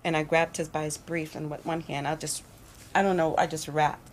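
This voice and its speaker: A woman's voice: low voice, little pitch movement, moderate pace, a little hiss or hum. A woman guest on a gospel talk show, giving an emphatic personal testimony and repeating phrases for weight. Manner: emphatic, repetitive storytelling.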